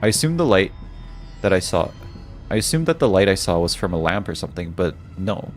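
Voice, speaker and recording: Hushed man reading game story aloud. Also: very animated, brisk, faint music behind. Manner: reads narration in a hushed, low-key voice with musing asides. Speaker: streamer.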